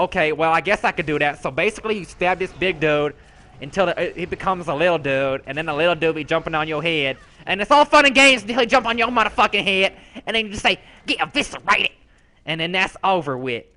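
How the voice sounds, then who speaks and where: A man's voice: on the high side, sharp tone. A man voicing a sassy, foul-mouthed rogue character, telling a brash, slangy, profane story as comedic commentary.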